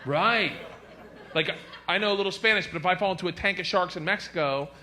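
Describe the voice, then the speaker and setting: A man doing a stand-up comedy routine, loud and animated, jumping into silly voices. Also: high-pitched, a little fast, some chatter behind, a little hiss or hum.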